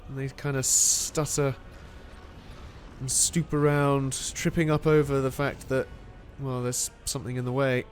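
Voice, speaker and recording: A man giving excitable, animated play-by-play commentary on a strategy game. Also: mid-range voice, unhurried, soft background music.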